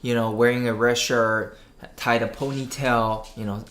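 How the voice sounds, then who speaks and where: A woman's voice: a bass voice, unhurried. A young woman telling spooky stories in a casual chat, acting out the characters' lines. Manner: animated storytelling, acts out characters' lines. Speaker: guest storyteller.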